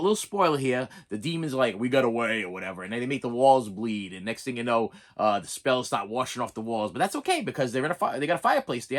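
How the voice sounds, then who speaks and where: A man casually reviewing horror movies on a vlog, rambling with many restarts and repeats, laughing often and checking in with "okay?". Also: on the high side.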